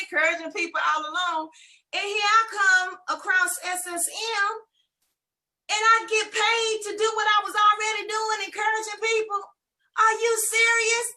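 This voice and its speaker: A woman in her fifties giving an exuberant testimonial on a video call, emphatic and lively. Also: very high voice, moderate pace. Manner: emphatic and lively, calls listeners honey and girl. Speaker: webinar guest giving a testimonial. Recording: distant from the mic.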